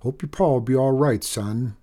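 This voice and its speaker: A man reading a story, voicing a burly, gruff train engineer who bellows. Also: medium pitch, a little slow, mellow, natural voice. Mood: gentle.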